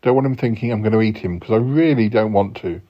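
A man plays a yeti uncle with a gruff, low, manly voice, rambling on fast with plenty of fillers and restarts. His voice sounds natural, though the recording is slightly dull.

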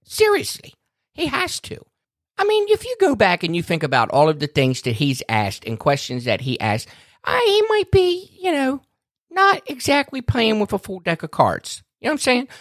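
A man's voice: high voice, wildly swooping pitch, normal speed, a bit bright, no echo, studio quality. A man, a podcast regular, ranting in a fired-up, cursing way during a casual chat. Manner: fired up, ranting, swears freely.

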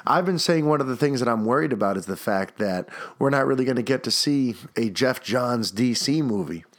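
A man with a stuffed-up nose talks through a solo podcast episode on his own. He rambles with enthusiasm, restarts his sentences and leans on fillers. His voice sits at an ordinary middle pitch for a man. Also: expressive, a little fast. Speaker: podcast host.

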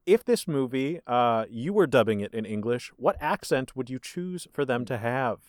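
A man hosting a casual podcast chat and asking the questions, with blunt, dark deadpan humor. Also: medium pitch, normal speed, dry recording, studio quality. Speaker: podcast host.

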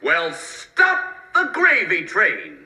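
An actor playing a fussy, indignant neat-freak roommate in a sitcom, with theatrical, wounded delivery. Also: male voice, high voice, wildly swooping pitch, extremely slow, pushed and bright, heavily acted. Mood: huffy. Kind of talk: sitcom acting.

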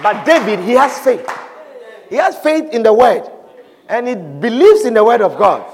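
High-voiced, animated male preacher. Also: moderate pace, a crowd in the background, noisy background. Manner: animated, lively, acts out prayers and voices. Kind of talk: sermon. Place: church. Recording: reverberant hall, faint congregation.

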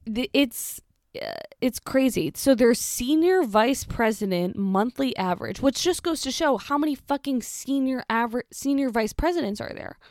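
A woman's voice: on the high side, lively intonation, moderate pace, a little mellow, no echo, clean studio sound. A woman giving casual, sarcastic commentary, blunt and swearing now and then. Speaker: social media commentator.

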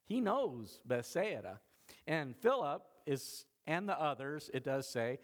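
A man preaching a sermon as pastor, animated and conversational, often laughing. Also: a little high, slow pace.

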